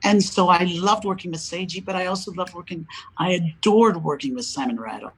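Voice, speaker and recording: An older man, a guest opera singer, chatting in an interview and telling lively stories in which he acts out the lines of other people and laughs often. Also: sits high, fairly quick, husky, rough recording. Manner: animated storyteller, acts out quoted dialogue, laughs often. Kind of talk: casual interview chat.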